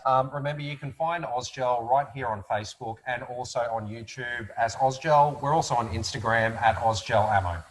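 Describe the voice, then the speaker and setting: A man's voice: medium pitch, moderate pace, few pauses, low-quality recording. A man, hosting a casual interview in a friendly, upbeat way with many "ums". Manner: friendly, upbeat, filler-heavy. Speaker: podcast host.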